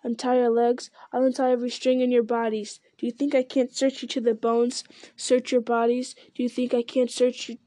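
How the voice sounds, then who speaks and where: A sly male goblin soldier, put on by a woman reading aloud, talks in a soft, hissing whisper that turns threats into silky, gloating questions. The voice sits a little high and mellow, and the recording is close and dry. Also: little pitch movement, normal speed, no echo, lightly acted. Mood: snarling. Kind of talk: audiobook character voice.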